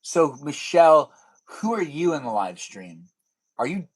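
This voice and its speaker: A man's voice: on the high side, very animated, unhurried, slightly rough. Young male streamer, playful, teasing, rambling chat to viewers. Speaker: live streamer. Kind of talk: casual live stream chat reading comments.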